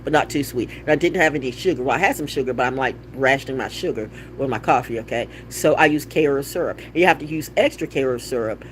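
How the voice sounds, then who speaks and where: A woman's voice: a bass voice, fast, few pauses, a little hiss or hum. A woman rambling bluntly and with plenty of swearing in a casual monologue, often repeating words for play. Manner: blunt, profane and wandering. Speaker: vlogger.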